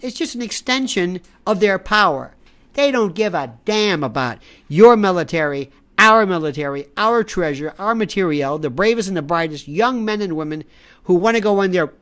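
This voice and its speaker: A man's voice: high-pitched, a bit bright. Worked-up guy ranting at the camera, voice jumping all over, keeps tripping on his words. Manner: impassioned, exasperated, repeats and restarts; talks straight to the viewer while browsing online. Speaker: commentator. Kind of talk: political commentary rant.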